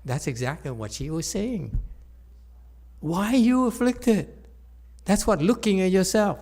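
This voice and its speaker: Guy teaching dharma in a buddhist hall, slow and lively, keeps laughing and going loud then soft. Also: fairly high pitch. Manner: laughs often, repeats and rephrases, swings from soft to loud. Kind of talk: teasing, animated dharma lecture.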